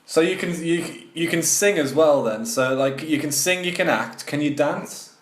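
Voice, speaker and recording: A man's voice: fairly high pitch, moderate pace. A man hosting a podcast, asking friendly, teasing questions in casual chat. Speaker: podcast host. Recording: roomy echo.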